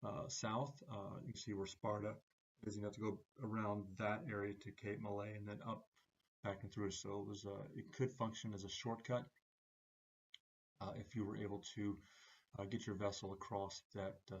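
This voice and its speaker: A man giving a recorded class lecture, speaking haltingly with many "uh" fillers between phrases. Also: on the low side, level tone, creaky, muffled recording, a little hiss or hum.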